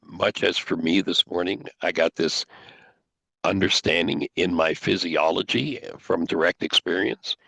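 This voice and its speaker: An older man hosting a talk show, teaching in an animated way and acting out the quoted dialogue. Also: deep voice, measured pace, creaky, dry recording, low-quality recording. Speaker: host.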